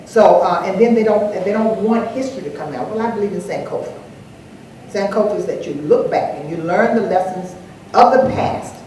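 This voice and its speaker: An older woman speaking on an anniversary panel, an animated storyteller who acts out the dialogue in her anecdotes. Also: mid-range voice. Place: large echoey hall, live event. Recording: echoey hall, distant mic, faint noise.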